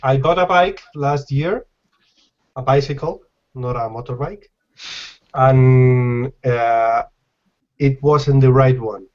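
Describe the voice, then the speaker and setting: A man, a student in an English class, answering hesitantly with pauses and fillers. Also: mid-range voice. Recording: muffled lo-fi audio.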